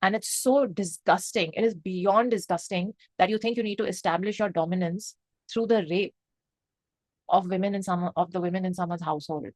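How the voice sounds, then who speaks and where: A woman's voice: fairly low pitch, fairly even intonation, normal speed, dry recording. A woman from India, reviewing a film to camera in a passionate, emotional, rambling way. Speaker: movie reviewer. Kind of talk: unscripted review chat to camera.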